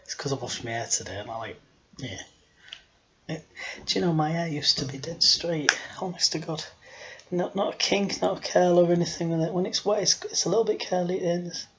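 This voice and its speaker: A man's voice: on the high side, a little fast, fairly bright tone, highs cut off. Rambling, self-mocking man. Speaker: storyteller host. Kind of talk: casual joke-telling home video.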